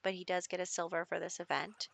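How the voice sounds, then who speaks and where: A woman's voice: lowish voice, fairly even intonation, fast talker, creaky, a bit bright. A young woman casually narrating her gameplay as the show's host, telling the story in a chatty way with fillers. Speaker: gaming video host.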